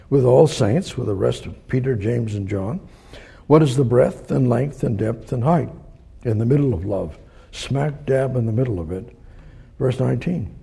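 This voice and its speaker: A man preaching a sermon with a gravelly, husky voice. His tone is dark and mellow, and he builds phrases up by emphatic repetition. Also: mid-range voice. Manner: emphatic, repetitive build-ups, drops to soft prayer. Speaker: pastor.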